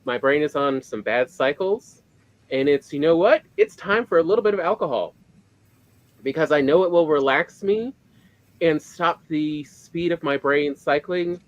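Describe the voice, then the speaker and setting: A man's voice: fairly high pitch, a little slow, no room sound, muffled recording. A man hosting a podcast in casual chat, rambling with many fillers and restarts. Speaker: podcast host.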